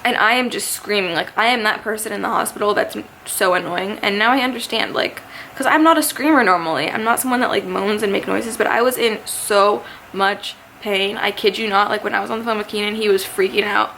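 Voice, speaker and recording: A young woman in her twenties chats to camera, animated and full of fillers as she tells her story. Her voice sits at a middling pitch for a woman. A faint hiss runs under the recording. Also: fairly quick. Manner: chatty, animated, lots of fillers. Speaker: vlogger.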